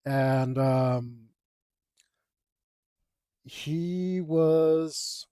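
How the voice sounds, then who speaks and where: Slow, mellow-voiced man telling a story. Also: fairly high pitch, smooth, no room sound, studio quality. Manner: laid-back and rambling, with frequent ums. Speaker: artist. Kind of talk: casual storytelling while drawing.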